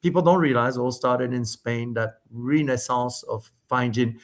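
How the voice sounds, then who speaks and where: Animated middle-aged man. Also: mid-range voice. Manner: animated, quick bursts with many restarts and fillers. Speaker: spirits company founder, podcast guest. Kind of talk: storytelling in a casual interview.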